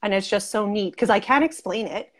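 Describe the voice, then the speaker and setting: A young woman talks in a bubbly, gushing way as an interview guest. Her speech is full of "like" and quick asides. She has a mid-range voice for a woman. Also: mid-range voice. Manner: gushing, chatty, frequent "like" and laughs. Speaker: interview guest, group member. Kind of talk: casual chat.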